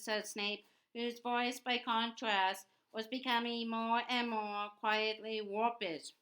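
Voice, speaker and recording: A woman reading a novel aloud, halting often and repeating words, in a noisy home recording. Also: a little high, level tone, pushed and bright. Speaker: audiobook reader.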